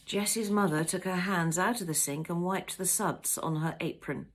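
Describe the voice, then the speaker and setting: A woman author reading her own novel aloud in an unhurried storybook style, chatting easily between chapters. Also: fairly low pitch. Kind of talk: storybook narration.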